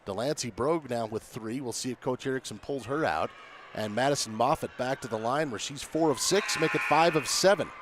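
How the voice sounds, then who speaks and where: A man's voice: medium pitch, fairly quick, slight background noise. A man giving color commentary on a basketball game, chatting with his partner in a conversational, coach-like way. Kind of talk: relaxed game analysis.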